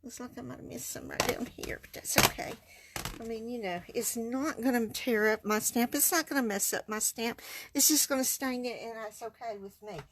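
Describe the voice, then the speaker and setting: A woman's voice: a little high, normal speed, a bit bright, a little hiss or hum. A woman chatting in a folksy way as she demonstrates card stamping on a livestream. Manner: folksy, chatty, talks while working. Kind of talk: casual craft demonstration.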